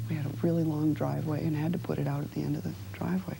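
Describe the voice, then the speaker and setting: A woman with a low voice, gravelly fry and a very dark, mellow tone. She gives personal testimony in an interview, halting and reflective, with pauses and fillers. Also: little pitch movement, a little hiss or hum, rough recording.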